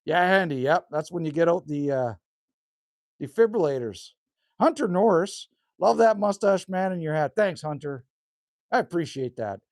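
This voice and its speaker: Chatty Canadian man, a little hoarse. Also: on the high side, darkish tone, no room sound, studio quality. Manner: folksy, chatty, drops "hey?" and "man". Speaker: livestream host reading chat. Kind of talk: casual live chat. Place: rural cabin indoors.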